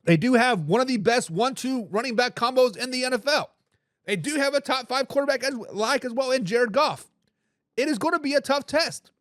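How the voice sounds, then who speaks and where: Speaking a little fast in a high, slightly bright voice, a man hosts a live football talk show with casual, lively energy. As a sports talk host reading viewer comments aloud, he frequently restarts his phrases and drops slangy catchphrases. The recording sounds close and dry, with no echo from the room.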